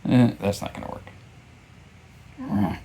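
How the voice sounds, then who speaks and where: A man's voice: slow pace, warm tone, slight background noise. A man giving a casual, rambling book review, full of fillers and restarts, often joking at his own expense. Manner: rambling, self-deprecating, many fillers and restarts.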